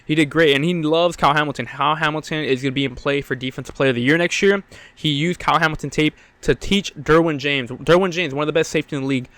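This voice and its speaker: A man's voice: a little high, pushed and bright, clear, resonant tone, dry recording. A young man hosting a solo sports podcast, out of breath, rambling with lots of fillers and blunt, profane opinions. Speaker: podcast host.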